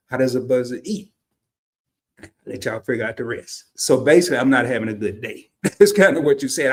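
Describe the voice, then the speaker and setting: A man's voice: medium pitch, fairly quick. Laid-back Southern man telling stories. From Arkansas. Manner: laid-back, drawling, laughs often. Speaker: livestream host. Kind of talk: casual storytelling monologue.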